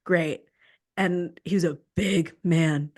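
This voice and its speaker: A young woman hosting a podcast, telling a personal story in an animated, dramatic way. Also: lowish voice, slow. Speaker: podcast host. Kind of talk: casual storytelling chat.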